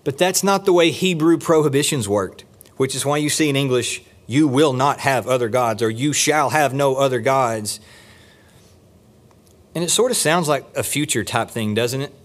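A man preaching a sermon from the pulpit of a church, rising on key points and dropping low and slow for stress. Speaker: pastor. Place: church sanctuary.

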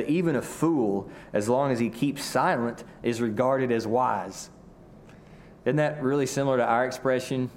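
A man from Arkansas with a Southern drawl, preaching a sermon earnestly, often repeating words and slowing down for emphasis. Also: medium pitch, darkish tone, slight background noise. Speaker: pastor.

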